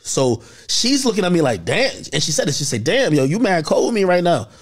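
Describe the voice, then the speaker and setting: A man with a high voice tells a story in a loose, casual way. He is animated and slang-heavy, and he acts out the lines of the people in it. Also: a little fast.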